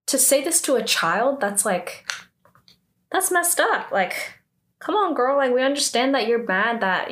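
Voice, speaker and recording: A woman's voice: a little high, fairly bright tone. A woman giving a casual drama recap, chatty and full of "like" fillers, breaking in with indignant comments on the characters. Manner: chatty, filler-heavy with frequent "like".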